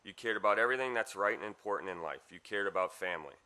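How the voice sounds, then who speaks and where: A man's voice: fairly low pitch, animated, racing, bright, forceful tone. A man giving a heartfelt eulogy for his father at a memorial service, with wry asides.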